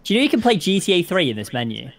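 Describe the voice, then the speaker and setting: A man chatting casually with a friend on a voice call while gaming, relaxed and explaining things step by step. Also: sits high, rapid-fire, creaky.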